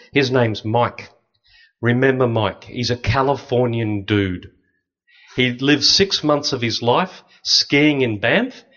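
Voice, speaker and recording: A middle-aged Australian man, a Catholic priest, telling stories to an audience in a lively, anecdotal way. He sits at a middle pitch and slips into other people's voices as he goes. The sound is a little dull and lo-fi. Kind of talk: storytelling talk with slides.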